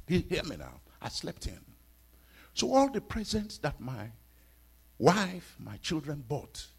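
A middle-aged man from Africa, a pastor preaching a sermon, dropping to hushed whispers and rising to loud exclaims. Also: mid-range voice, husky.

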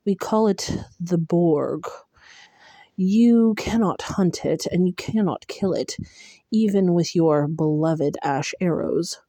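A woman's voice: fairly low pitch, slow pace, mellow, dry recording. A woman reading the lines of a wry, blunt male faerie companion in an audiobook. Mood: grim. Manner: coarse, dry.

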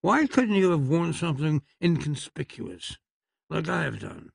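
A man voicing an irritable elderly gentleman who grumbles and demands indignantly. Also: a little high, very animated, measured pace, vocal fry, breathy edge, no echo, studio quality, full character voice.

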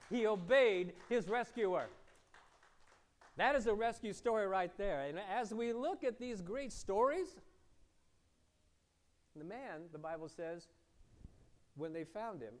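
A man preaching a sermon as pastor, asking the congregation questions, moving between loud emphasis and quiet, low asides.

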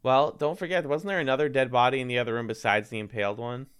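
A man's voice: medium pitch, steady tone, fairly bright tone, clear, resonant tone. Jokey male tabletop player. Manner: quick, jokey, self-mocking. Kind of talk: tabletop game play over a call.

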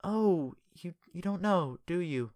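Woman reading a chatty kind friend lady, a bit higher than her own voice, dry. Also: lively intonation, slow pace, a little mellow, no echo. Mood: gentle. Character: warm talkative woman, old friend. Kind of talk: audiobook character voice.

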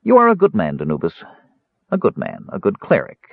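A man voicing a smooth, mild-mannered elven high priest who is quietly menacing, on a tinny, dry recording. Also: huge pitch swings, fairly quick, no echo, exaggerated voice. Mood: cold.

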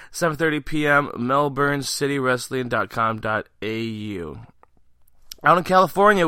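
A man hosting a podcast in a bright, crisp voice, talking close to a dry mic. He rambles with eager enthusiasm as he reads through a list of dates and places. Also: a little high, no echo. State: out of breath. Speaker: podcast host. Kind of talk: casual podcast interview and event rundown.

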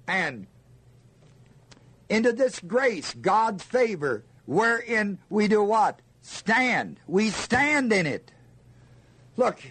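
This older man's voice sits high, with a fairly bright yet husky tone. Delivering a sermon-style Bible lesson to a listening group, he asks questions and forcefully answers them himself.

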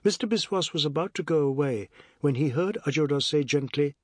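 Male audiobook narrator, measured and even, bit higher pitch. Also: dry recording, studio quality. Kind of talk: scripted narration.

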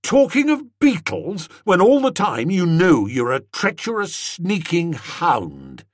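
A man voicing an indignant, jealous young English gentleman who hurls accusations at an old friend, in an audiobook reading with a husky voice. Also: mid-range voice, big pitch swings, slow pace, no room sound, clean studio sound, full character voice. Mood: accusing. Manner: hotly accusing, snorting. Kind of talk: audiobook character voice.

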